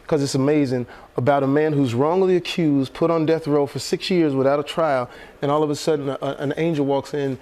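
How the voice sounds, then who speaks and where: Man guest from Texas, slightly high voice, lively storyteller who laughs and restarts a lot. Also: brisk. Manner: animated storyteller, laughs often, many restarts. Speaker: actor guest. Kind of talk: casual chat on a morning TV show.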